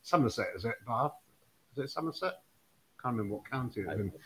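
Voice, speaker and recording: Older guest musician, lively yarn-spinner who keeps laughing. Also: male voice, mid-range voice, quick pace, noisy background. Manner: animated storyteller, laughs often. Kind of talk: casual chat.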